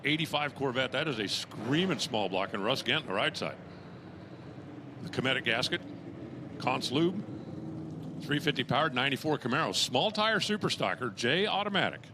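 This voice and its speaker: As track announcer at the drag races, a man gives live race commentary in a medium-pitched voice with lively intonation at normal speed. Between runs he fills time with chatty jokes and puns, raising his voice at launches and finishes, with background noise present.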